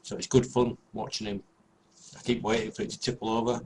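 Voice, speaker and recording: A man's voice: on the low side, level tone, a little fast, darkish tone, a little hiss or hum, poor audio. A man chatting casually, explaining things in a matter-of-fact way. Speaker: live stream participant. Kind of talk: casual chat.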